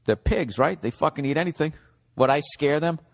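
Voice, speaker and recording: A man's voice: fairly high pitch, expressive, brisk, gravelly, big-room sound. Man ranting profanely on a podcast. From United States. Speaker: comedian and podcast host. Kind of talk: comedic podcast monologue.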